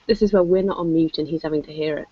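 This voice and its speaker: An English woman chatting on a video call, self-mocking and quick to laugh. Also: sits low, steady tone, a little hiss or hum. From England. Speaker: show regular. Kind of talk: casual chat on a video call. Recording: dull lo-fi call audio.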